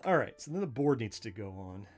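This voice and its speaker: Taking a joystick apart on his livestream, a Southern-accented man, born in southern Florida with family from Missouri, chats in a folksy, self-deprecating way, chuckling and musing aloud. His pitch is fairly low, his delivery sing-song and brisk, and faint music plays behind him.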